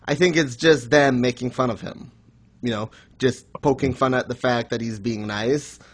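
A man's voice: medium pitch, moderate pace. A man in casual podcast chat with an ordinary mid-range voice. He talks bluntly and sarcastically, swearing without a second thought. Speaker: podcast co-host reviewing manga.

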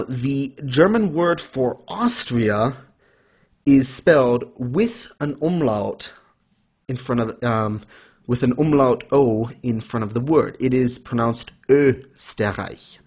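Man, middle pitch, casual co-host, mock-formal explainer, self-correcting. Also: expressive, takes it slowly, darkish tone, breathy edge. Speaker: podcast co-host. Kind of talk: casual anime discussion.

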